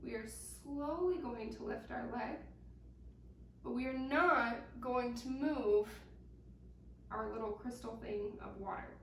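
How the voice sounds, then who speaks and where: A young woman leading a pilates workout, giving calm, encouraging step-by-step cues. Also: fairly high pitch, slow, slight background noise. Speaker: pilates instructor. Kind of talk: guided workout instruction. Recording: echoey room, mic at a distance.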